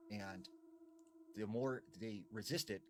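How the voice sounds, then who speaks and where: A man telling a creepy folk legend in a hushed, dramatic way, often filling with "you know". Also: lowish voice, animated, normal speed, a little hiss or hum. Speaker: storyteller. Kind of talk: spooky storytelling.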